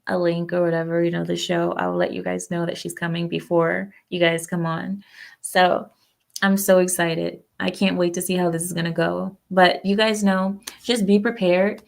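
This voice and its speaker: A woman's voice: lowish voice, gravelly. A woman hosting a livestream, chatting casually and rambling through her opinions while talking back to her viewers. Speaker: livestream host. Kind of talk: casual political chat with viewers.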